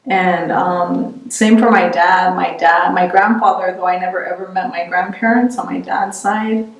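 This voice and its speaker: A middle-aged woman giving an oral history interview, reflective and halting, often restarting her sentences. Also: fairly low pitch, fairly even intonation, vocal fry, muffled recording. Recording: roomy, distant mic.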